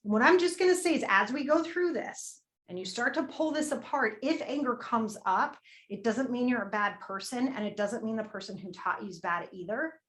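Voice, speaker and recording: A woman leads a money-mindset workshop in a motivational talk, candid and emphatic, swearing casually and repeating a prompting question. Her voice is a little high, expressive and a bit bright, at a moderate pace with hardly any pauses.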